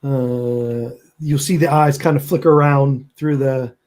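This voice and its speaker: A man's voice: mid-range voice, fairly even intonation, a little slow, darkish tone. A man narrating as game master in a loose, chatty way, laughing often.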